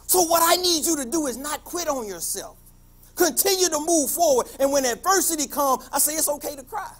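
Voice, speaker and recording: A man, a teacher, giving a passionate motivational speech, telling stories and building to emphatic shouts. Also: very high-pitched, lively intonation, fairly quick.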